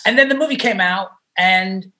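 A middle-aged man shares an anecdote in a casual, animated way, often laughing and restarting his sentences. His voice is bright and forward. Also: high voice, normal speed. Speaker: actor guest. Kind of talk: casual storytelling.

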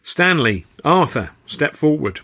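Un hombre haciendo de director teatral severo y formal. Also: male voice, a little high, sing-song, sharp tone, pitched above the performer's own voice, exaggerated voice. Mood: serious, formal. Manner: formal, serious, measured. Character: stern older male theatre manager.

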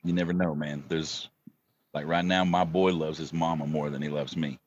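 A man's voice: a bass voice, steady tone, normal speed, slight background noise. A man chatting casually as a podcast guest, emotional and rambling, cursing freely. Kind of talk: casual chat. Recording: dull lo-fi remote line.

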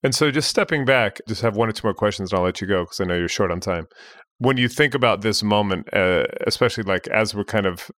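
A male interviewer with a very deep voice asks long, meandering questions. He talks in a conversational, easygoing way. The recording is dry and close. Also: fast, fairly bright tone, no room sound. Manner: loose, rambling questions.

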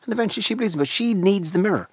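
A man's voice: high voice, animated, very fast, husky, no echo. A man, telling rambling, self-deprecating stories in casual chat on a podcast. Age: 50s. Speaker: podcast co-host.

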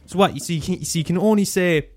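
Young Irish male podcaster, sweary fast-talking ranter, slightly high voice, dry sound. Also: no echo, faint music behind. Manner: profane, ranting, fast and mumbly. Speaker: podcast host. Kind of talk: casual solo rant.

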